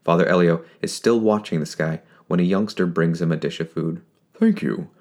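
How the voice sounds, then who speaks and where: A man reading scripted fiction narration in a steady, measured way. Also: low voice.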